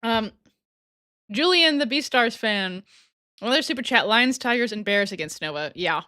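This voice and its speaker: A woman's voice: fairly high pitch, lively intonation, moderate pace, bright, forceful tone, no echo, clean studio sound. A woman hosting a casual livestream, reading super chats aloud in a giggly, chatty way that often trails off and restarts. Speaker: livestream host.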